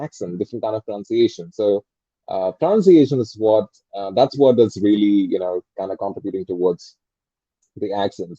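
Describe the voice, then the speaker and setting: Male tutor, 20s, Malayalam first language; low, dark, dry delivery, conversational and opinionated, over muffled call audio. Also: no room sound. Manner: opinionated, thinking aloud with frequent fillers and restarts. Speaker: English tutor and soft skills trainer. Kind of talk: casual conversational interview.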